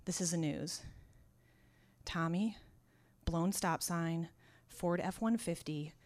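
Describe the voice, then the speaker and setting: A woman telling a personal story out loud, dry and wry, turning raw and intense as it goes. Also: fairly low pitch, takes it slowly. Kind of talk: first-person spoken storytelling.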